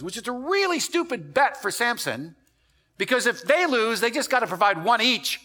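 A male pastor preaching a sermon in a church, telling the story with lively acted quotes and repeating words as he builds up. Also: very high voice, normal speed.

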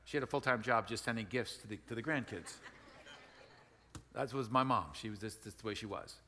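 A man's voice: fairly low pitch, a little fast, bright, forceful tone, slight background noise. Folksy man preaching in a reverberant hall. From Wisconsin, United States. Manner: conversational, folksy, repeats and restarts phrases. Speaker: pastor. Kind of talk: sermon.

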